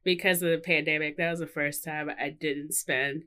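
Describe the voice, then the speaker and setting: Low-voiced woman with wry asides. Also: fairly even intonation, moderate pace, sharp tone, smooth. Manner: brief interjections, wry asides. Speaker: podcast co-host. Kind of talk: casual chat. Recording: audible background noise.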